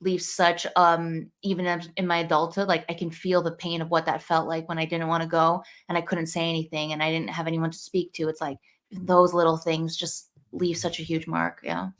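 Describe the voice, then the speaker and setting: A woman's voice: low-pitched, little pitch movement, normal speed. A woman in her thirties in casual podcast chat, speaking in an earnest and reflective way. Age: 30s. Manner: earnest, reflective, talks through inner dialogue.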